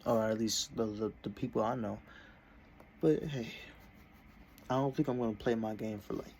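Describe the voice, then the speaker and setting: A man's voice: lowish voice, fairly even intonation, normal speed, gravelly, a little mellow, a little hiss or hum. A young man in a casual vlog, talking from his desk in a meandering, self-interrupting way. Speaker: vlogger.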